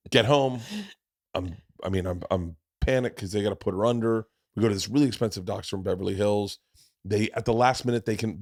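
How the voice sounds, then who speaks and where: A middle-aged man hosting a podcast, telling a long story in a casual, profane way and swinging from loud to hushed. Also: fairly low pitch, no echo, studio quality. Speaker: podcast host.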